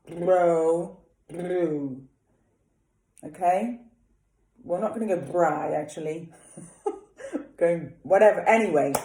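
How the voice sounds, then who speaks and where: A woman singing teacher leading a vocal warm-up, chatting casually and demonstrating lip trills and vowel exercises. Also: on the low side, echoey room.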